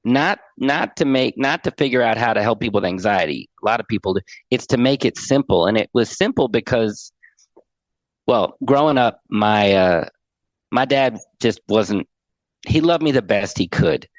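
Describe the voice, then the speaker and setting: A man's voice: on the low side, expressive, moderate pace, dry recording. A middle-aged man on a podcast, earnestly telling a heartfelt personal story as an anxiety coach and often repeating words as he goes.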